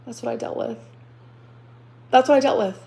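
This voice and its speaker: A woman with a fairly high voice pours out an emotional live stream rant. She keeps circling back over the same phrases, swearing as she goes, agitated and worked up. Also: normal speed, creaky, mellow. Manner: agitated, repeats herself, swears.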